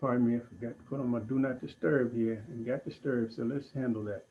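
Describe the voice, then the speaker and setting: A man teaching breathing techniques in an online class, giving calm, deliberate instructions with pauses. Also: mid-range voice, phone-quality sound, slight background noise. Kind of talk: guided breathing lesson.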